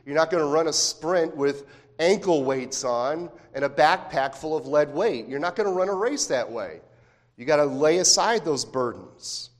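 A man's voice: a little high, animated, moderate pace. A man preaching a sermon as pastor, talking in a conversational way with frequent rhetorical questions and restarts. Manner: repeats words when restarting phrases.

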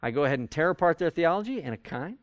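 Guy teaching bible study, chatty and animated, slightly high voice, dry sound. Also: fast talker, no echo. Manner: conversational, animated, acts out quoted arguments. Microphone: recorded for audio with a live class.

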